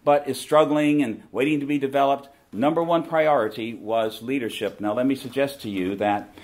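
A man's voice: mid-range voice, normal speed, a little mellow. A middle-aged man with a Southern American accent, giving an emphatic preaching talk and repeating his key phrases. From southern United States. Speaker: conference speaker.

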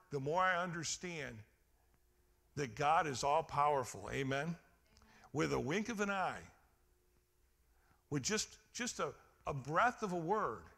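A man preaching a sermon in a high, bright voice. He swings from ringing exclamations down to quiet, low emphasis and calls out to his congregation for responses. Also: vocal fry. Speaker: pastor.

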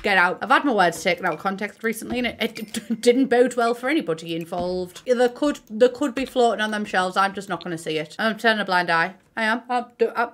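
A woman's voice: medium pitch, expressive, quick pace, hardly any pauses, a bit bright. A young woman with a Middlesbrough accent, chatting casually and talking to herself as she builds in a game, sweary and self-mocking. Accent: Middlesbrough English. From Middlesbrough, England. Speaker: gaming YouTuber.

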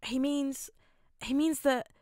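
High, teary teenage boy, stammering and gasping, put on by a woman narrator for a fanfic audiobook; dry, close sound. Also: fairly even intonation, a little mellow, no room sound. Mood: bitter. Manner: stammering, halting apologies. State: crying, gasping. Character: panicked, tearful teenage boy hero.

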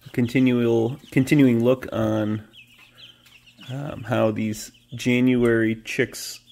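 A man's voice: mid-range voice, little pitch movement, slow, vocal fry, darkish tone. A man casually talking through a farm vlog outdoors in the wind, rambling and self-deprecating as he films his animals on a handheld camera. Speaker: farmer filming his animals.

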